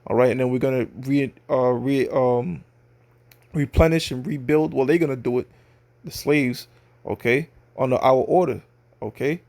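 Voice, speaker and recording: A man's voice: mid-range voice, normal speed, creaky, a little mellow. A man teaching scripture in a loose, slangy, conversational way, often checking in with his listeners. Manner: slangy street talk. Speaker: religious teacher.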